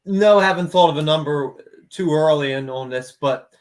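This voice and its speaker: A man's voice: on the high side, moderate pace. A man guest on a podcast, chiming in with brief joking remarks. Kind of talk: casual chat.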